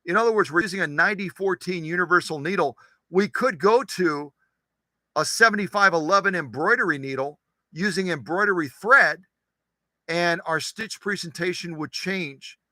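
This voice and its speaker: A man's voice: high-pitched, moderate pace, sharp tone, no echo. A man hosting a sewing machine channel, demonstrating stitches in his workshop in a chatty, joking way. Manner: chatty, joking, talks to himself while working.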